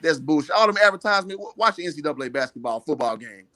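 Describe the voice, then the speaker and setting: Guy with a higher voice ranting, cussing, lots of uhs, dry sound. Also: animated, rapid-fire, sharp tone, no echo. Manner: rambling, profane, fillers. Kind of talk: casual debate.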